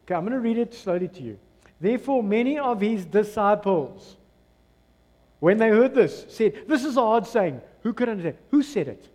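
Animated South African preacher in a reverberant hall. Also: male voice, high-pitched, fast, few pauses. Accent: South African English. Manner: animated preaching, acting out voices of crowds and doubters. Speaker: pastor. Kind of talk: sermon. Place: church hall.

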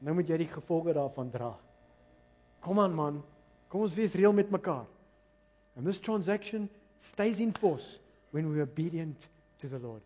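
Man, preacher, emphatic sermon, animated pitch, long hall reverb. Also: normal speed, pauses often. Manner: passionate, emphatic, swings from loud to quiet.

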